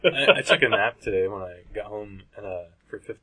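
A man trades jokes with his co-host in relaxed podcast banter. His voice is low and bright, with a husky edge. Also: fairly quick. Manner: joking, laid-back banter. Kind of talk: casual chat.

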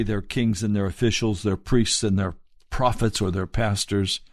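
Slow, pleading male preacher, dry sound. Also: lowish voice, no room sound. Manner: earnest, pleading, slow and deliberate. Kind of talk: sermon.

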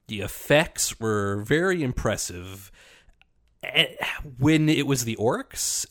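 A man co-hosting a casual film review chat, retelling scenes with sarcastic, animated asides. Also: medium pitch.

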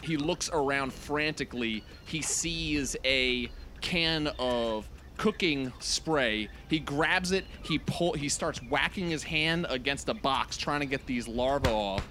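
A man at a tabletop game narrating his character's actions vividly, building suspense slowly. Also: mid-range voice, sharp tone, slight background noise. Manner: dramatic storytelling with slow suspenseful build. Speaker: player.

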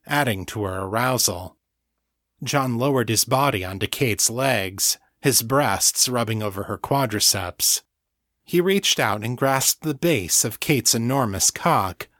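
A man reading a novel aloud in slow, measured scripted narration. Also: medium pitch, a bit bright, no room sound, studio quality. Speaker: audiobook narrator.

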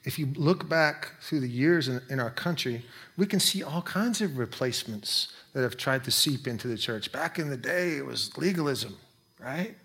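A pastor preaching a sermon in a conversational way, breaking into quick asides. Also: male voice, mid-range voice, lively intonation, a bit bright.

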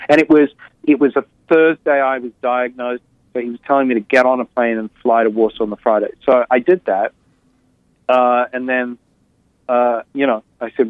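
A man's voice: mid-range voice, steady tone, moderate pace, no echo. A man being interviewed, telling a personal story in a reflective, candid way with many fillers and restarts. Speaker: interview guest. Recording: tinny phone-like line.

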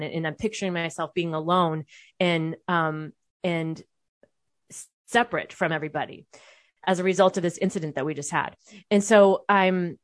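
A woman's voice: lowish voice, no echo. A young adult woman telling a personal story to her viewers, candid and conversational, swearing freely and restarting her sentences often. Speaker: vlogger.

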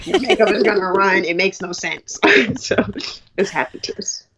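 A young college track athlete from New York talks candidly in an interview, telling her story and quoting what people said to her. Her medium-pitched voice is expressive and fairly bright, and she speaks at a normal speed.

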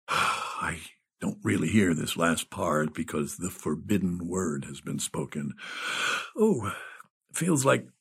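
Wry, desperate old writer played by a man, husky voice with lively rises and falls. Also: mid-range voice, a little slow, full character voice. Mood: weary. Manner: rambling inner monologue, sighing, pleading. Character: ill older male screenwriter, wry and desperate. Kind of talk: audio drama with inner monologue.

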